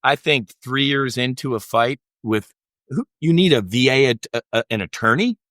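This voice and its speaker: A middle-aged veteran recounts a personal story in a mid-pitched voice, rambling and restarting as he goes. He slips into the voices of the people he quotes. The recording is dry and close, with no room sound. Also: lively intonation, moderate pace, fairly bright tone, no room sound. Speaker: podcast guest, military veteran.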